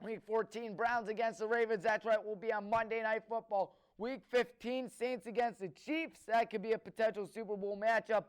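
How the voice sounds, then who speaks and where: A man's voice: sits high, steady tone, moderate pace, hardly any pauses, smooth. A man hosting a solo sports talk show, eagerly listing names with frequent fillers. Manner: enthusiastic, rattles off lists of names with fillers. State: out of breath.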